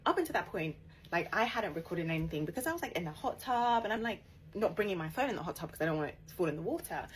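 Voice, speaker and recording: A young woman tells a story time with a low voice and lively ups and downs. She goes quieter when she quotes other people. A faint hiss of background noise sits under her voice. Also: rough recording. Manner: animated, laughing bursts, quoting others in a hushed voice.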